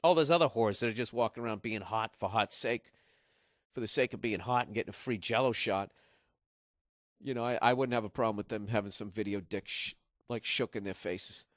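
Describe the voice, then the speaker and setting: A man's voice: fairly low pitch, a little fast, a bit bright, dry recording, clean studio sound. A man from Massachusetts, hosting a podcast in a rambling, profane comedic monologue. He is jet-lagged. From Massachusetts, USA. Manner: profane, sarcastic, riffing. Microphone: podcast studio mic.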